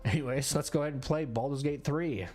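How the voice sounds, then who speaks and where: A man's voice: a little high, quick pace, a little mellow. Rambling self-deprecating man streamer. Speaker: gaming streamer. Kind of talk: casual live-stream chat. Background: faint background music.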